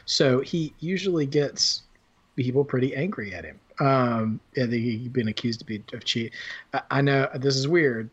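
A man's voice: mid-range voice, moderate pace, breathy edge. A man co-hosting a podcast, chatting casually about a film in a rambling way with many fillers and restarts. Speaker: podcast co-host. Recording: dull lo-fi sound.

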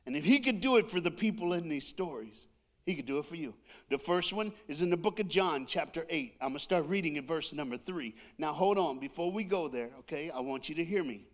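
A male preacher telling a comic story in a sermon, animated, with sound effects and call-and-response. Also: a little high, fairly quick.

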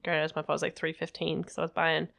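A woman's voice: deep voice, monotone, quick pace, creaky, a bit bright. Profane rambling woman podcast co-host. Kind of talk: casual chat.

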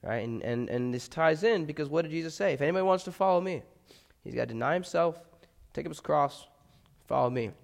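Male pastor, slightly high gravelly voice, casual sermon style, echoing hall reverb. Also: lively intonation, brisk. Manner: conversational, often asks "right?". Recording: echoey hall with long reverb.

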